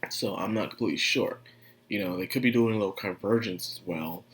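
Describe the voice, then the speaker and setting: A man's voice: lowish voice, brisk. A man giving a casual, rambling anime review, chatty and often laughing.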